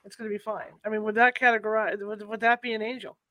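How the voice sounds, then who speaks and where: A man's voice: high-pitched, flat delivery, quick pace, sharp tone, dry recording. A man in the audience hesitantly asking a question, stumbling over his words. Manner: hesitant, restarts while asking.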